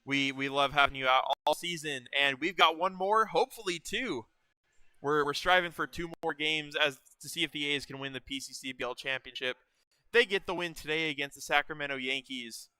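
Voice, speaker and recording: Male team broadcaster, upbeat postgame sign-off, bright clear voice. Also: fairly high pitch, brisk, dry recording, poor audio. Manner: upbeat, thankful announcer wrap-up. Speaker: broadcaster for a summer baseball team. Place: ballpark.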